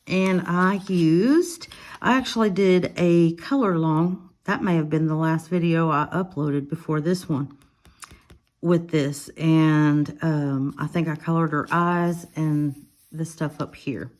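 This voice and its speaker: Slow, low-voiced woman vlogger. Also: fairly even intonation, a little mellow. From Alabama. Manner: chatty, listing supplies, talking to viewers. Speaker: coloring vlogger. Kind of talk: casual show-and-tell narration.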